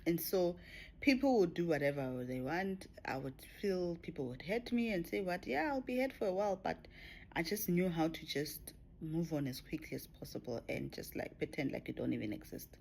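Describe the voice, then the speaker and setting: Low voiced woman talking spiritual stuff, soft whispery bits, faint hiss behind. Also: expressive, moderate pace. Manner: reflective, drifts into soft whispers and laughs. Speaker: spiritual vlogger. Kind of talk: personal spiritual talk to camera.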